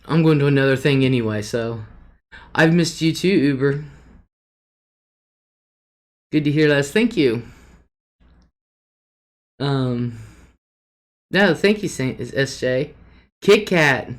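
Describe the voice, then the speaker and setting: A woman talks slowly and easily on her live stream, taking her time between thoughts. She greets viewers by name, reads their comments aloud and swears freely. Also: rumbling low, animated. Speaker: livestream host. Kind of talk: casual live chat, reading viewer comments. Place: at home at her desk.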